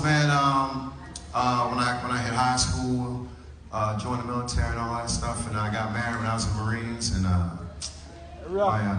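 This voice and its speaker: A man in his thirties from New Orleans, doing a stand-up comedy set with animated storytelling and drawling asides to the crowd. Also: mid-range voice, slight background noise. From New Orleans, USA. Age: 30s. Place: large church hall. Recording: echoey hall, picked up from far off.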